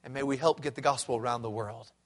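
A middle-aged man preaching a sermon as a pastor, swinging from loud emphatic peaks to low quiet passages. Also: fairly even intonation, fast talker.

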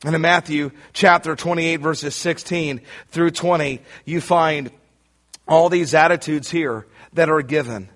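A man preaching a sermon, emphatic and rising to shouts on key lines, speaking straight to his listeners. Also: on the high side, fairly even intonation, unhurried. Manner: addresses listeners directly.

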